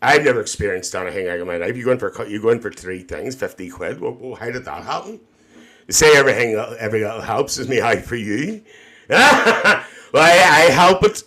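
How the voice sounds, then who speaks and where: A man's voice: medium pitch, lively intonation, fairly quick, bright, forceful tone. A man with a Northern Irish accent voicing a cheeky, gossiping middle-aged auntie on a phone livestream. He chats away, reads out viewer comments, calls everyone "dear" and laughs often. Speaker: livestream host. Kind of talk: live-stream chat reading viewer comments.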